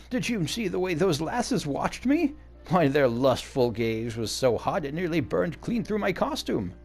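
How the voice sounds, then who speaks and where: A man's voice: fairly high pitch, creaky, darkish tone. A man doing a boastful old fighter. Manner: hearty, self-satisfied.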